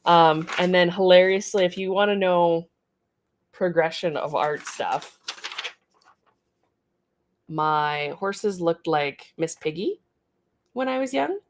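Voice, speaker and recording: Woman, middle-aged, slightly low voice, casual livestream host, chatty, rambling. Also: a little hiss or hum. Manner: chatty and rambling, reading out viewer comments. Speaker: artist hosting a studio livestream.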